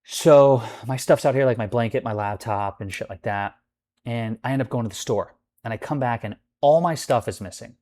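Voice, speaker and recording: A man's medium-pitched, slightly mellow voice moves at a normal speed. He's a vlogger telling a casual storytime rant about his roommate, meandering, cursing, and using plenty of "like" fillers.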